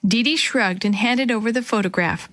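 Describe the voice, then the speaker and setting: A woman reading a children's chapter book aloud, telling the story gently and lightly voicing the characters. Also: a little high, moderate pace, no echo. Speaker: storybook reader.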